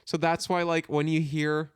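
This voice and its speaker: A man's voice: a little high, little pitch movement, normal speed, clear, resonant tone, dry recording, clean studio sound. A young man co-hosting a podcast in casual chat, rambling and correcting himself with lots of "like". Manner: rambling, full of "like" and self-corrections. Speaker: podcast co-host.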